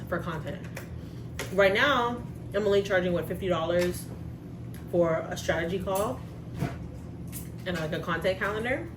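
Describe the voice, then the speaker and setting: A woman's voice: on the low side, roomy sound, noisy background. A woman vlogging casually, talking straight to her viewers about her work and day. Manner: chatty, talks to viewers directly. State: out of breath, unwell. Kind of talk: casual vlog chat. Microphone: phone.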